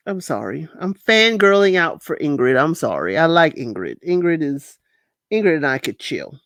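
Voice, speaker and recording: A woman hosting a casual reality show recap, animated and laughing often, acting out quotes in high voices. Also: unhurried, no room sound, clean studio sound.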